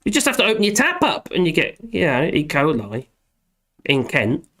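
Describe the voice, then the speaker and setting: A man's voice: on the high side, huge pitch swings, normal speed, bright, forceful tone. A middle-aged man hosting a live stream, chatting casually in a rambling, jokey, self-deprecating way and chuckling often. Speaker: live stream host reading chat.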